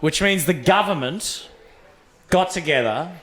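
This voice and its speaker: A young Australian man performing a profane, animated stand-up set in a comedy club, acting out voices as he tells stories. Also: a little high, measured pace. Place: comedy club stage with laughing audience. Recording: roomy club sound.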